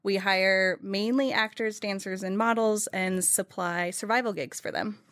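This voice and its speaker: A woman guest on a podcast, explaining things in a clear, businesslike way. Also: medium pitch, unhurried, a bit bright, no room sound, clean studio sound. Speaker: guest, company founder. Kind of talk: interview answer.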